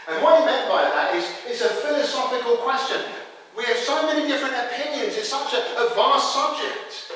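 A man with a fairly high voice delivers an emphatic sermon, putting questions to his listeners. He sounds distant from the mic, and his words ring through a large, echoey church hall with a long reverb tail. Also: expressive, normal speed, a bit bright. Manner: emphatic, asks the congregation questions. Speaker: preacher.

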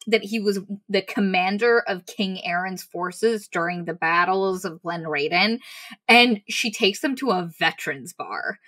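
A woman's voice: mid-range voice, measured pace, pushed and bright, rough recording. A woman casually recapping a fantasy novel, animatedly acting out the characters' lines as she goes. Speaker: book reviewer.

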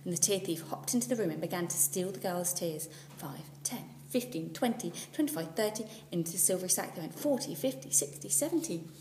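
A woman teacher reading a children's storybook aloud, expressive and at times dropping to a whisper. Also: fairly low pitch, brisk, hardly any pauses. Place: school classroom. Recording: echoey room, far from the mic, faint hum.

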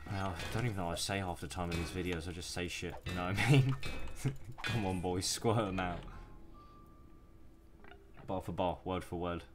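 A man's voice: low-pitched, moderate pace, background noise. A young man giving casual, profane gameplay commentary and taunting the enemies he hunts. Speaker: gaming YouTuber. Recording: music playing behind the voice.

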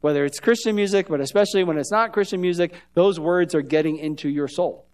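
A man's voice: fairly high pitch, quick pace. A man preaching a sermon as pastor in a church, talking conversationally and often asking the congregation questions. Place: church sanctuary.

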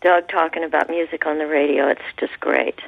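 A woman, a guest singer on a radio interview, speaking in halting phrases with frequent restarts. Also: sits low, fairly even intonation, vocal fry, dry recording, phone-quality sound. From American South.

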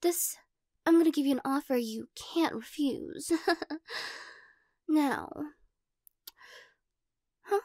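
A woman's voice: high-pitched, extremely slow, pauses often, darkish tone, no echo, clean studio sound, exaggerated voice. A woman playing a weird, giggly girl in whispered role-play. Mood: quirky.

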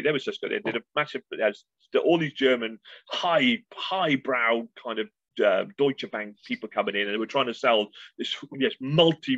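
A man, a guest in an interview, telling stories with lively enthusiasm. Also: medium pitch, gravelly, no room sound. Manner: animated storyteller, enthusiastic. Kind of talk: casual interview chat. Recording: dull lo-fi sound.

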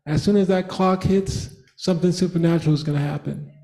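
A man's voice: high voice, fairly even intonation, fairly quick, mellow. A man preaching a sermon in church, fervent, repeating phrases and breaking into laughter. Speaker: pastor.

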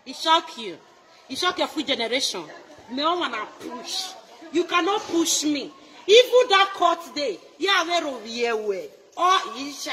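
A Nigerian woman in a loud, taunting social media rant, mocking and laughing between her jabs. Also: high voice.

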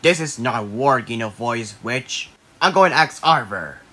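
A man voicing an excitable cartoon character who bickers with a witch in an animated, squabbling way. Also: medium pitch, unhurried. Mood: bickering. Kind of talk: cartoon voice acting.

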